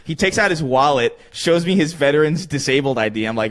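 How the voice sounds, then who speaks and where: A man's voice: mid-range voice, fast, hardly any pauses, a bit bright. A young man telling a story in casual podcast chat, rambling with lots of fillers and swearing.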